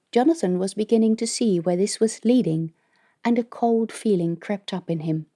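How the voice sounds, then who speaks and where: A woman reading an audiobook as narrator, in steady scripted narration. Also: fairly low pitch, normal speed.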